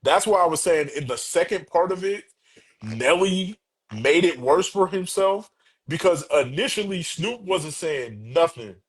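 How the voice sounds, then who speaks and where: A man with a slightly high, husky voice talks in a podcast studio. He is animated and lays out his points in long, flowing runs with quick asides. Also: low-quality recording. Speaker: podcast guest. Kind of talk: casual podcast discussion.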